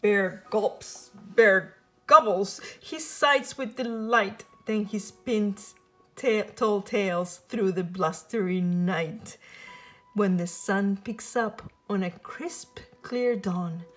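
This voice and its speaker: A woman reading a children's picture book aloud in a slow, expressive, sing-song way. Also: mid-range voice, soft background music.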